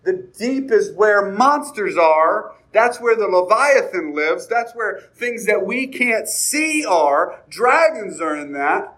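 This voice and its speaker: A man's voice: high-pitched, lively intonation, slow, hardly any pauses, a bit bright. A man preaching a sermon, painting a vivid scene and citing Bible verses. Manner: vivid storytelling with Bible references. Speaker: pastor. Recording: echoey hall from far off.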